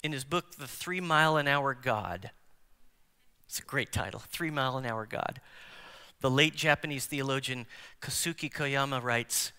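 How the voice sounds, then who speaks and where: A man preaching a sermon as a pastor in a church, swinging between emphatic declarations and hushed near-whispers and putting questions straight to the congregation. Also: medium pitch, unhurried, clear, resonant tone. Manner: engages the congregation with direct questions. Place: large church sanctuary. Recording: long hall reverb from church sanctuary.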